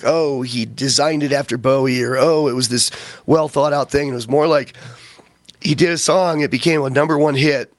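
A man's voice: mid-range voice, no echo. A man hosting a talk radio show, telling loose rambling stories and acting out the people he quotes. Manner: rambling storyteller, acts out quotes. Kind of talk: casual talk radio chat.

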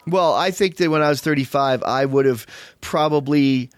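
A man's voice: on the high side, moderate pace, dry recording, clean studio sound. A middle-aged man hosting a casual podcast chat, rambling and teasing with jokes. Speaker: podcast host. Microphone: studio mic.

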